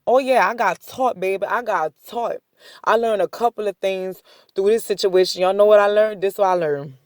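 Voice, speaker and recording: A woman's voice: medium pitch, fairly even intonation, moderate pace, dry recording, studio quality. A woman sharing a casual spoken faith testimony, talking conversationally, repeating herself and chuckling between points. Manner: repetitive, conversational storytelling with many "I said" asides. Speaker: faith vlogger.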